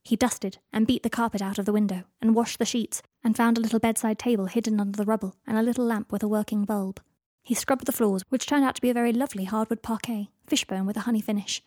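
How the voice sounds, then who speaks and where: A woman reading a fan fiction story aloud as narrator, in steady, even storytelling. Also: on the high side, fast, few pauses, no echo, studio quality. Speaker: audiobook narrator.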